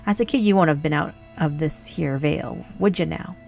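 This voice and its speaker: A woman voicing an older rustic man in a game, with a folksy, drawling delivery and a gravelly voice. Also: low-pitched, a little fast, darkish tone, soft background music.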